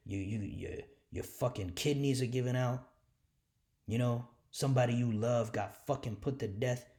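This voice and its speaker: Heated, cursing man preaching scripture. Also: darkish tone. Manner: heated, profane, fills lines with "man"; mutters asides low and fast. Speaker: religious speaker. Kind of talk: informal scripture commentary.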